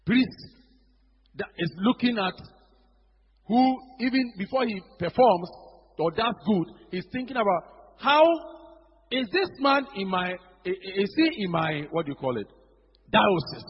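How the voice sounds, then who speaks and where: A Ghanaian-accented pastor preaches an animated sermon in a church hall, acting out the voices of church members and mixing in local phrases. His voice is high and husky, a little slow with frequent pauses. The recording is dull and echoey.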